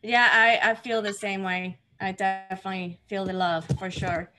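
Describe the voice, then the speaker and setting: A woman's voice: medium pitch, little pitch movement, moderate pace, pushed and bright, a little hiss or hum. A woman hosting a livestream, chatting casually and greeting viewers by name with a giggly manner. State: nervous. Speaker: livestream host. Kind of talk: casual chat.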